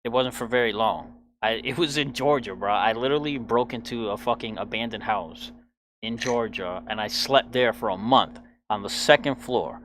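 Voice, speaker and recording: A man's voice: mid-range voice, normal speed, fairly bright tone, slight background noise. A young man in his twenties telling a personal story in a casual, blunt, profane way. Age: 20s. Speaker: podcast host.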